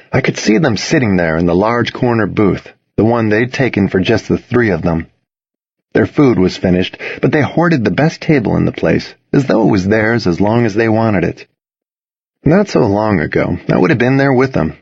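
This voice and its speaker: A man narrating a first-person novel as an audiobook, in a measured storytelling manner. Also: lowish voice, vocal fry, slightly rough, no echo, muffled recording.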